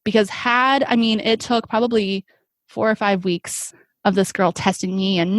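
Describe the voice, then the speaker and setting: A woman's voice: medium pitch, measured pace, dry recording. A young adult woman, an occupational therapist, telling stories in an earnest, reflective way with many fillers. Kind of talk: conversational podcast interview.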